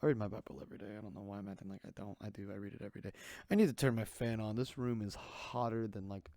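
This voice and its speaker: Young guy ranting solo on his podcast, sarcastic, all over the place, dark mellow tone, dry sound. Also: on the low side, fairly even intonation, racing, no room sound. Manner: rambling, sarcastic, jumps between tangents. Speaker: podcast host. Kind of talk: casual solo podcast rant. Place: small hot room. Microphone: desk microphone.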